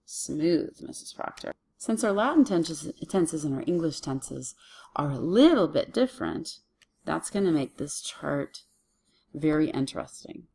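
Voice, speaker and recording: A woman's voice: low-pitched, expressive, unhurried, gravelly, darkish tone, slightly rough. A woman teaching a Latin lesson to children on video, working patiently through a worksheet and talking herself through each step.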